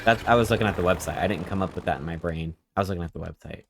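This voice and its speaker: Deep-voiced young man joking on stream. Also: rapid-fire, creaky. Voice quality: playful, rambling and joking, reacting to chat. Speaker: game streamer. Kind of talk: casual live-stream chat with viewers. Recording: game music playing behind the voice.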